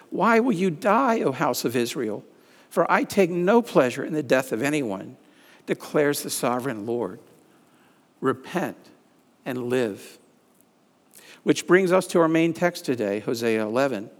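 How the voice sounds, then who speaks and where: A man preaching a sermon, reading scripture aloud with rising emphasis on the pleading lines. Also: a little high. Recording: reverberant hall.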